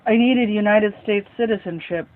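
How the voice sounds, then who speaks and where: A man's voice: sits high, moderate pace, close to an everyday voice. A man putting on a frail old bedridden mother. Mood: frail, confused. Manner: confused, then crude and snapping. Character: frail old woman in a nursing home bed. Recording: tinny phone-like sound.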